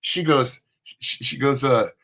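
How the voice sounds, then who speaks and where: A man's voice: medium pitch, slow pace, sharp tone. A man from Southern California telling a rambling, profane story with frequent laughs on a casual live podcast panel. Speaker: panel co-host.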